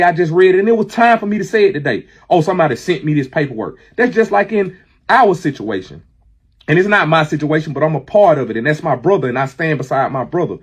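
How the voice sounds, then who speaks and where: Husky-voiced man, heated streaming monologue, profane and preachy. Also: fairly high pitch. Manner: profane, preachy, rising to angry outbursts.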